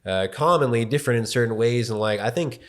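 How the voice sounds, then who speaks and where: A man's voice: mid-range voice, fast talker. A young man in casual chat, rambling and hesitant with many fillers.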